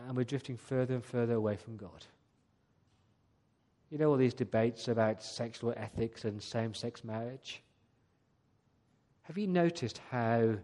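A man delivers a sermon in a church. His voice sits at an ordinary male pitch. He speaks earnestly and keeps turning his points into questions for his listeners. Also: dark tone. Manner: earnest, asks the congregation rhetorical questions. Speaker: pastor. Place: church service.

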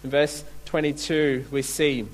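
Earnest preacher, slightly high voice. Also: male voice, level tone, a little slow, low-quality recording. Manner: earnest, asks rhetorical questions, restarts words. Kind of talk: sermon.

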